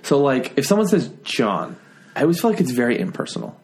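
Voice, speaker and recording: A man's voice: medium pitch, sing-song, quick pace, a little mellow, slight background noise. A young man hosting a podcast in casual chat, rambling and breaking off mid-thought. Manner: rambling, self-interrupting, whispers asides to listeners. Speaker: podcast host.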